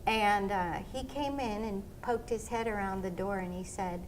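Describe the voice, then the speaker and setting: A middle-aged woman being interviewed, telling stories in an animated way and acting out what people said. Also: medium pitch, moderate pace, hardly any pauses, slight background noise. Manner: animated storyteller, acts out quotes. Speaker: interview guest, former pro skater. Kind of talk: casual storytelling interview.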